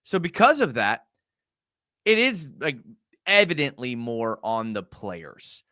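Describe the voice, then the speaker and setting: A man's voice: mid-range voice, takes it slowly, no echo, studio quality. A man hosting a live fan show, breaking down game film in a casual, exasperated ranting style and answering chat. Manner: animated, exasperated rants with sarcasm.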